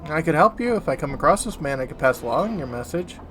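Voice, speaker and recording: A man's voice: fairly high pitch, big pitch swings, quick pace, fairly bright tone, a little hiss or hum. A man reading the lines of a plain-spoken male hero in a game, matter-of-fact and brief.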